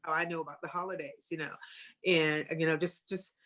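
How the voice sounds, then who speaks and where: Woman, talk show co-host, halting, emotional, repeats herself. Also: sits low, steady tone, a bit bright. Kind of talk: casual talk show conversation.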